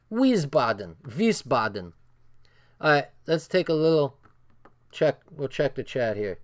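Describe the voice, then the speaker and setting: Smooth-voiced New Jersey man, blunt. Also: fairly high pitch. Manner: blunt, emphatic, repeats phrases for stress. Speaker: livestream host reading a book aloud. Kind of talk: casual reading and commentary livestream.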